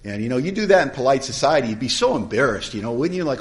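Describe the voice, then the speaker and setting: A man's voice: mid-range voice, fast, hardly any pauses. Middle-aged guy telling his recovery story at a conference, funny and loose, plain mid voice. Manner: humorous, colloquial, animated storytelling. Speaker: AA speaker. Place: live conference hall.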